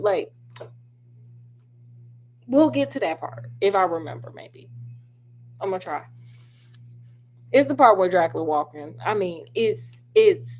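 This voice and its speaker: A woman reviewing a film in a casual, sassy, chatty way. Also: mid-range voice. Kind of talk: casual chat.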